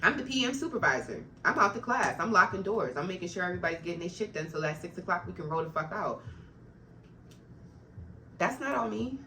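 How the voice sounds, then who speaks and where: A woman's voice: fairly low pitch, expressive, brisk, sharp tone, slight background noise. A woman who works as an after-school program supervisor tells a work story straight to camera, getting heated, blunt and swearing freely as she vents.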